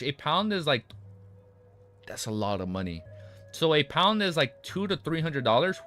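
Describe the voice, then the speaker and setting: A man with a raspy voice reads a web novel aloud, stumbling over words, rereading lines and breaking off into excited asides. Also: a little high, normal speed, faint music behind. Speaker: streamer reading a web novel aloud and reacting. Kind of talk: casual reading with live reactions.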